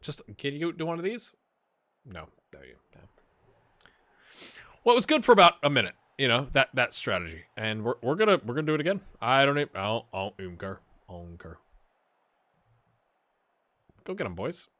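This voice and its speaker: A man hosting a gaming channel, casually commenting while he plays, chatty and rambling, with laughs and sudden excited outbursts. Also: medium pitch, moderate pace, long pauses, no room sound. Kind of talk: casual commentary while playing a football management game.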